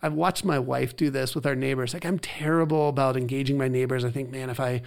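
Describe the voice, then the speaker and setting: Gravelly-voiced man telling a story. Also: mid-range voice, fast talker. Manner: animated storytelling, acts out quoted lines. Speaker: podcast co-host. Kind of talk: casual chat.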